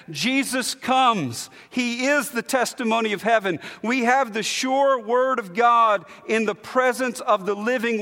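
High-voiced man preaching in a reverberant hall. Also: fairly bright tone. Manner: emphatic preaching with slow, drawn-out repetitions. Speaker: pastor. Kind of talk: sermon.

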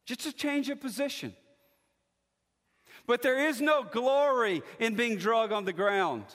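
Slow, emphatic high-voiced male preacher. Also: a bit bright, big-room sound. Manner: measured, emphatic preaching with slow stressed phrases. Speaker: pastor. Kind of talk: sermon.

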